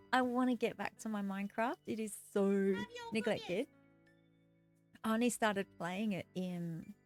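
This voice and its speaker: A woman game streamer chatting casually and excitedly with her live viewers while she plays, giggling often. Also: on the high side, no room sound.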